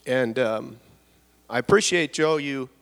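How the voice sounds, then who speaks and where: A middle-aged man giving a personal testimony in church, earnest and halting, often repeating words and dropping his voice. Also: mid-range voice, gravelly, a bit bright. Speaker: church speaker sharing testimony. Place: church hall. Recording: long hall reverb.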